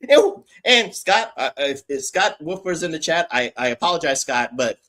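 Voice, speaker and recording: A man's voice: a little high, animated, moderate pace, bright, forceful tone. A man co-hosting a casual wrestling podcast, ranting with laughter and swearing, then jokingly apologizing. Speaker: podcast co-host. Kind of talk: casual chat.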